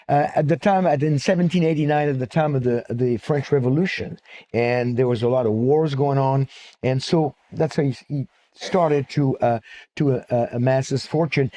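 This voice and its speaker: Male conference speaker at a stand mic, fairly high-pitched, animated and joking. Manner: animated storyteller, jokes, frequent fillers. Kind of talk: lecture-style sermon. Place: church auditorium. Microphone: stand-mounted microphone.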